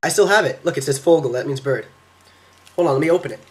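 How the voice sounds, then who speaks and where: A teenage boy telling a quick, excitable vlog story about a trip, slipping into silly voices when quoting people, recorded at his computer. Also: fairly high pitch. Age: teens. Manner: fast, excitable, acts out quotes in silly voices. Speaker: exchange student vlogger.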